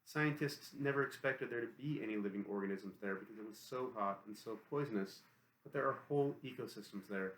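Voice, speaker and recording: A man's voice: on the low side, fairly quick, a bit bright. A man reading a first-person novel aloud as an audiobook in a matter-of-fact, literal manner. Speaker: audiobook reader. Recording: roomy echo.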